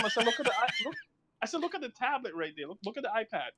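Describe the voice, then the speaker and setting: A man's voice: extremely high pitch, big pitch swings, racing, heavy background noise. A man in his thirties chatting casually, telling rambling stories and laughing often. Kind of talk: casual chat.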